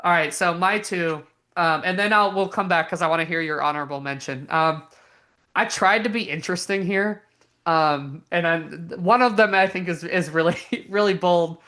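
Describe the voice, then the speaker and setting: Giggly young woman podcaster, lowish voice. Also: moderate pace. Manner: animated, giggly, many fillers and restarts. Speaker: podcast co-host. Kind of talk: casual chat.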